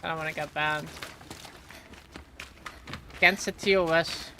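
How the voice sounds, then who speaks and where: Rambling low-voiced woman streamer. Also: fairly even intonation, sharp tone. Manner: rambling, halting, many "like" fillers. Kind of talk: casual live-stream gaming chat. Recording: clear background noise with clicks.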